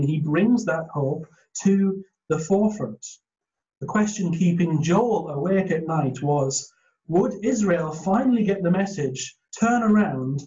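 A man's voice: a little high, dark tone, muffled recording. A man preaching a sermon in an earnest, emphatic way, sometimes restarting his phrases.

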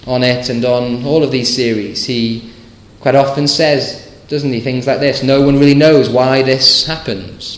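Preacher in an echoey church. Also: male voice, mid-range voice, a bit bright. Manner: emphatic, rhetorical tag questions, rising to fervent peaks. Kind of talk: sermon.

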